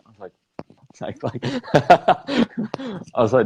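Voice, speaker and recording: A man's voice: medium pitch, big pitch swings, a little slow, long pauses, a little hiss or hum, low-quality recording. A man in his late twenties with an Australian accent, hosting a podcast in an easygoing way, laughing and telling loose stories. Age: late 20s. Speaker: podcast host. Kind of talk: casual chat.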